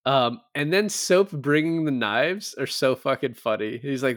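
A man's voice: fairly high pitch, expressive, normal speed, few pauses, dry recording, clean studio sound. A man co-hosting a podcast, casually retelling film scenes with quoted lines and frequent laughs. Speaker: podcast co-host. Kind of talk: casual movie review chat.

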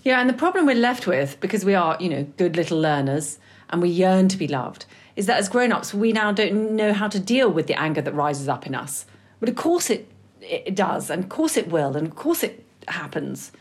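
A woman's voice: lowish voice, very animated, normal speed, slightly rough. A middle-aged woman co-hosting a podcast, chiming in agreeably with dry humor. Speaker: podcast co-host. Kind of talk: casual chat.

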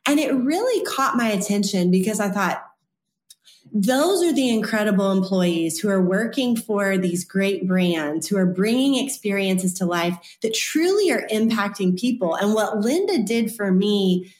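A woman guest author telling a personal story in an animated, chatty way during an interview. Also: medium pitch, a little slow. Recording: roomy echo.

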